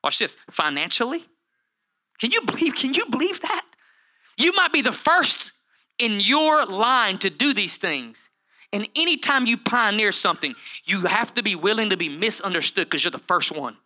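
A man pastor preaching a lively sermon, acting out Bible characters in comic voices and calling out to his listeners. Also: sits high, normal speed. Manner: animated, acts out Bible characters in funny voices, calls to the congregation by name.

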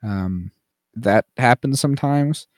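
A man with a mid-range, darkish voice co-hosts a podcast, chatting slowly and loosely as he wanders through his points with lots of fillers. He slips into silly mock voices now and then, and the audio is dry and close with no room echo.

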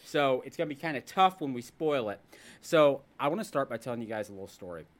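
A man with a mid-range voice talks fast as he hosts a casual podcast. He's an animated, jokey storyteller, ranting and spinning tales in easygoing chat.

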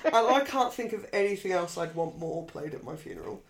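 A woman's voice: fairly low pitch, animated, a little fast, reverberant. A woman with a posh English accent, co-hosting a podcast in dry, laid-back casual chat from a sofa. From England. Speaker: podcast co-host. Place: lounging on a sofa at home.

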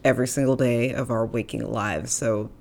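Young female podcast host with a low-pitched voice, casual and chatty, quick to poke fun at herself. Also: fairly even intonation, a little mellow. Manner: chatty, self-deprecating, playful asides. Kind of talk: casual solo podcast talk. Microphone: studio microphone.

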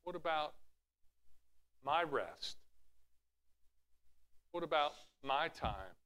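A man's voice: fairly high pitch, expressive, extremely slow, sharp tone, smooth. A man preaching a sermon, teaching from scripture with rhetorical questions and acting out Bible scenes in raised voices. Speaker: pastor.

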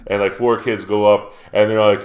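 Low male podcast co-host, lively anecdote teller. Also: moderate pace. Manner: animated retelling with quoted dialogue. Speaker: geography teacher. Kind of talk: casual storytelling chat. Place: South Carolina.

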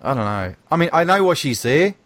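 A man's voice: on the high side, sing-song, brisk, a bit bright, no room sound. Male co-host, blunt and foul-mouthed, jokey, dry close sound. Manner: blunt, profane, joking. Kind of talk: casual film discussion.

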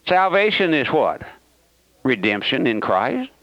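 Male pastor, fervent radio preacher, pitch swings widely, muffled dry old broadcast sound. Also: very animated, measured pace, no echo. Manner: fervent, repeatedly questions the listener. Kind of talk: radio sermon.

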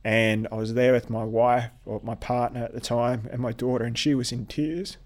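A man telling a painful personal story in an interview, halting and repeating himself, with blunt language when upset. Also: medium pitch, little pitch movement, a little mellow. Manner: halting, repeats words, restarts. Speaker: interviewee, veteran athlete.

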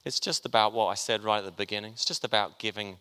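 A man's voice: fairly low pitch, fairly even intonation, quick pace, pushed and bright, smooth. A man preaching a sermon, chatty and joking with his congregation as he talks. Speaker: pastor. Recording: long hall reverb.

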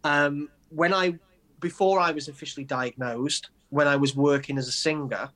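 A man in his forties with an English accent, a poet answering interview questions in a halting, earnest way with many restarts. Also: fairly high pitch, fairly even intonation, fairly bright tone. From England. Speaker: guest, poet. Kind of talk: conversational interview.

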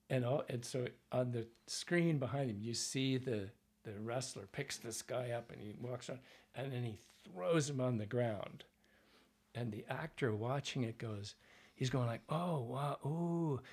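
A Canadian man, a dialect coach, telling animated anecdotes in a relaxed interview and acting out other people's voices. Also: mid-range voice, breathy edge. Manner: animated anecdotes, acts out voices, frequent fillers. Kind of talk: conversational interview storytelling.

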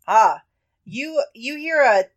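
A woman's voice: a little high, takes it slowly. Woman game master narrating a tabletop scene. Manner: descriptive, relaxed narration with fillers.

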